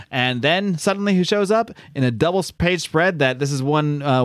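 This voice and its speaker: A man's voice: mid-range voice, clear, resonant tone, dry recording. Rambling man recapping comics, dry sound. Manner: rambling, filler-heavy, exasperated asides. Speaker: podcast host recapping a comic. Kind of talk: casual chat.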